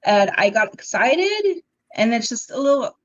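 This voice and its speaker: A young woman, a podcast guest, telling her own story in a casual, animated way, acting out what people said, with ums and laughs along the way. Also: fairly high pitch, measured pace, muffled recording. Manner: animated, acts out quoted dialogue, frequent ums and laughs. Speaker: interview guest.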